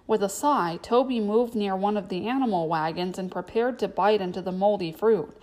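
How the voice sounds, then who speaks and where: A woman narrating a children's storybook aloud in a steady storytelling manner. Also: medium pitch, moderate pace, few pauses.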